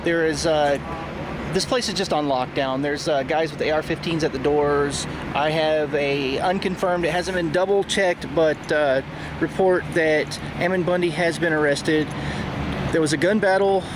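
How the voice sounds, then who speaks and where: A man's voice: fairly high pitch, steady tone, moderate pace. A man reporting on the spot for a citizen video channel, hesitant, with frequent fillers. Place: outdoors outside a hospital. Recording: outdoor field recording, traffic noise.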